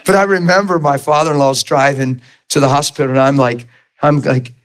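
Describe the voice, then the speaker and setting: Brisk and clean-toned, this mid-range voice belongs to a man in his thirties or forties preaching a personal testimony as a story. He acts out the scenes animatedly and laughs often.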